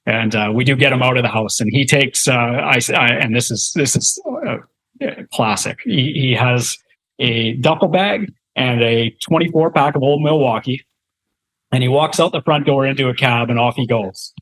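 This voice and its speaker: A man's voice: mid-range voice, normal speed, a bit bright, low-quality recording. Canadian man telling a rambling story. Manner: rambling, many fillers and restarts, chuckles while telling. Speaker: guest real estate investor. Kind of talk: casual storytelling in a podcast interview.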